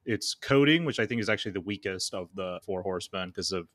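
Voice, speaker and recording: A man's voice: low voice, fast talker. A man hosting a podcast, chatting easily and asking his guest questions. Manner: relaxed, conversational, asks questions. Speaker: podcast host. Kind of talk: casual interview talk.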